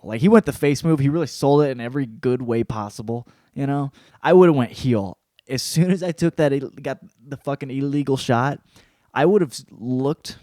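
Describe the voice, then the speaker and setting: A man's voice: mid-range voice, a little mellow, no echo. Profane, rambling young man, dry sound. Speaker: podcast host. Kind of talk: casual solo sports recap.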